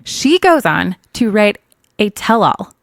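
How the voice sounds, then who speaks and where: A woman's voice: medium pitch, sing-song, takes it slowly, no echo. A woman co-hosting a podcast, casually retelling a case in a chatty way that is full of small corrections. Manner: chatty, laughs often, self-correcting. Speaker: true crime podcast co-host.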